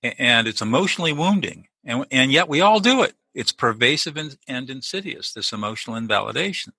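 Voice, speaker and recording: A middle-aged man speaks as an interview guest, earnest and explanatory, often restarting his sentences. His voice is bright with a husky grain. The sound is dry and close. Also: mid-range voice, lively intonation, a little fast, no room sound, poor audio. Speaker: guest, lawyer turned peacemaker. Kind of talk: conversational interview.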